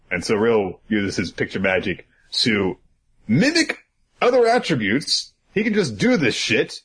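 A young man casually recapping a manga, animated and swearing, acting out the characters. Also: mid-range voice, measured pace, breathy edge.

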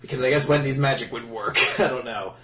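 A man's voice: medium pitch, fast talker, distant mic, noisy background. A man co-hosting a casual podcast, recapping manga chapters with frequent laughter and swearing. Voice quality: laughs often, acts out lines in mock voices. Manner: swears, rambling, animated. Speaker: podcast co-host. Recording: roomy, off-mic sound.

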